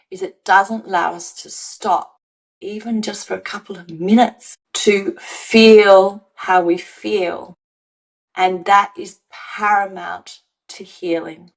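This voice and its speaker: A woman's voice: lowish voice, poor audio. A woman who coaches emotional wellbeing and writes on it, a podcast guest giving a motivational teaching talk. She speaks earnestly and emphatically, repeats key words and acts out what example speakers might say.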